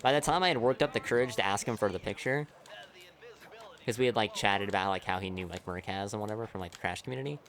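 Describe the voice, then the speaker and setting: A man's voice: on the low side, fast talker, fairly bright tone. A young man streaming a speedrun, chatting casually, rambling with lots of "like", swearing and laughing often.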